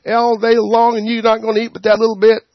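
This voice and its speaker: A man's voice: very high-pitched, monotone, fast, no room sound, voice pushed up. A man voicing a guilt-tripping older mother with a whiny, reproachful manner. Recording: dull, muffled sound.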